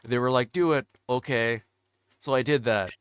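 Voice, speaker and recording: A man's voice: mid-range voice, fairly even intonation, moderate pace, fairly bright tone, smooth, no echo, studio quality. A man hosting an interview show in casual livestream chat, rambling through meandering explanations.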